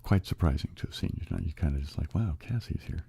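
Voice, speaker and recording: A man hosts a relaxed live ASMR stream, whispering right into a close microphone. His voice is very deep and dark, with a heavy gravelly fry. He talks to viewers softly between whispers. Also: fast talker, no echo. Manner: alternates whispers with soft close speech, chats to viewers. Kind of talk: ASMR whispering and soft speaking.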